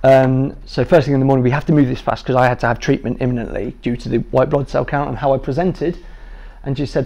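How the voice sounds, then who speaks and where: A man's voice: mid-range voice, fairly even intonation, quick pace, a little mellow. A man in his thirties telling a personal story to a training group, jovial and self-deprecating, making light of hard things. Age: 30s. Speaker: guest speaker sharing his patient story.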